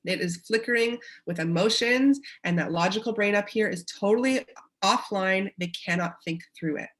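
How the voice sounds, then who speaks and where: A woman's voice: medium pitch, normal speed, a bit bright. A woman with a Canadian accent presents a parenting webinar in an encouraging way, acting out short quotes of parents and children.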